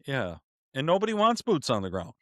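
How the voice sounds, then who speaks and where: A man's voice: mid-range voice, wildly swooping pitch, a bit bright, no room sound. A man hosting a podcast from his home studio, talking casually about politics, stumbling and repeating words as he thinks aloud. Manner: halting, repeats words, chuckles often. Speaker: podcast host.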